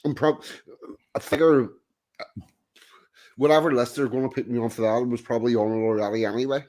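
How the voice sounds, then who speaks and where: A man's voice: medium pitch, steady tone, fairly quick, a little mellow. A man co-hosting a casual commentary stream, talking in a dry, matter-of-fact way. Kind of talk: casual political commentary chat.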